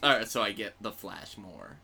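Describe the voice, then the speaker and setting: Animated, joking man in casual chat. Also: on the low side, measured pace, vocal fry, breathy edge. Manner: playful, jokey, animated. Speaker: podcast host. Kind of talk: casual chat about comics.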